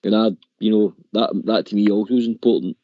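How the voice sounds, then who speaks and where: Scottish caller, low and mellow, hesitant, muffled dry line. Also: male voice, fairly even intonation, brisk, no echo. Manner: hesitant, restarts often, fills gaps with "you know". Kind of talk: casual chat on a call-in show. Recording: dull lo-fi line.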